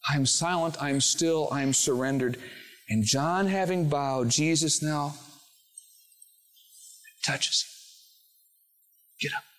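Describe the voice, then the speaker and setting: A man delivers a sermon from the pulpit, his voice sitting a little higher than most. He shifts between quiet, slow reflection and rising, emphatic declarations as he preaches. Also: soft background music. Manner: rises from hushed, slow reflection to fervent, emphatic proclamation. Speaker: pastor.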